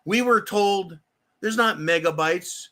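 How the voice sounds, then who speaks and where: Male commentator, high bright voice, profane and heated, sarcastic rant delivery. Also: slow. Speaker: political commentator. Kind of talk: angry political rant.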